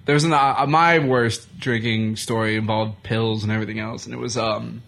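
A man's voice: medium pitch, fairly even intonation, normal speed, creaky, fairly bright tone. A man who wrestles and does comedy, telling crude stories in a casual radio chat and laughing through them. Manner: profane storyteller, laughs through his stories.

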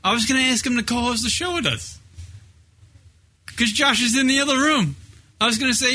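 A man's voice: very high-pitched, a little fast, long pauses, sharp tone. A man hosting a casual radio show, laughing and talking over his caller.

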